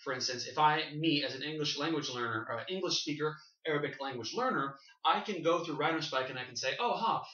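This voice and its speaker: A man's voice: a little high, fast talker, hardly any pauses, bright, forceful tone. A Canadian man co-hosting a casual panel chat, enthusiastic and rambling, with many fillers and restarts. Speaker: podcast co-host. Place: shared room. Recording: roomy, distant, dull lo-fi sound.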